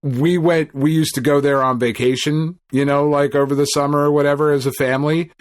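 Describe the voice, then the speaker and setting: A man's voice: fairly high pitch, fairly quick, dry recording, studio quality. A man co-hosting a gaming podcast in casual chat, swearing freely and acting out quotes as he tells stories. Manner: profane, animated storyteller who acts out quotes. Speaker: podcast co-host.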